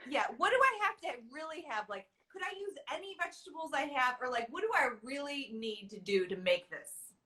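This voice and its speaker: A woman hosting a casual cooking show over a video call, gushing and excitable. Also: high-pitched, fairly quick. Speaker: host.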